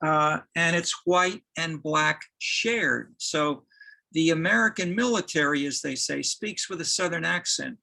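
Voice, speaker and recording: A man giving a university lecture, halting, with many restarts and fillers. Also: on the high side, vocal fry, sharp tone, poor audio.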